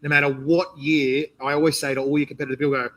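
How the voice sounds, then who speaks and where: A man with an Australian accent hosting a casual interview, talking in a rambling, animated way with many restarts. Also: fairly high pitch, fast, poor audio. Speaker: interview host and competition organizer. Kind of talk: casual interview chat, live stream.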